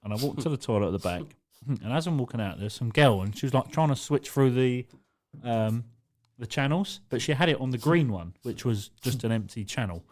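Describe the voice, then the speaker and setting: A young man, co-hosting a podcast in casual chat. He tells stories in an animated way, laughs often and swears freely. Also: mid-range voice, a little fast, hardly any pauses. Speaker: podcast co-host.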